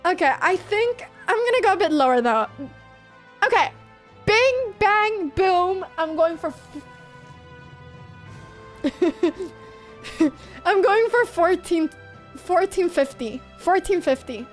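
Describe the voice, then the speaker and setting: A woman's voice: extremely high pitch, animated, slow pace, long pauses, faint music behind. A young woman streaming chess, chatting casually and laughing often at her own guesses. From Sweden. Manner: giggly and self-mocking, laughs often. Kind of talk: casual commentary over online games.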